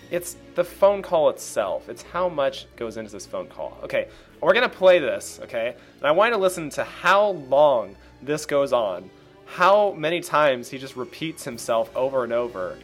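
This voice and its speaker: A man's voice: mid-range voice, fairly bright tone. A man hosting a podcast in casual chat, joking, laughing often and mimicking others in quotes. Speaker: podcast host.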